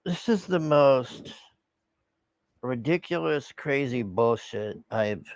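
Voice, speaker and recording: Gravelly, slow-talking man ranting in scorn. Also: medium pitch, expressive, no echo. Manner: scoffing, profane, laughing. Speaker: video reactor. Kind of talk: casual reaction rant.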